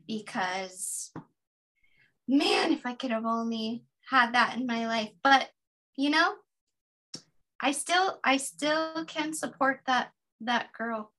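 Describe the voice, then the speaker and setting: A woman in her fifties, a podcast guest, sharing a personal practice in an earnest, gently guiding way. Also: a little high. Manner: earnest, gently guiding, slow deliberate affirmations.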